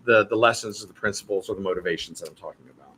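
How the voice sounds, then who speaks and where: A man chatting casually on a live stream, telling stories with playful, animated energy. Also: lowish voice, racing, a little hiss or hum. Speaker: show regular and guest voice actor.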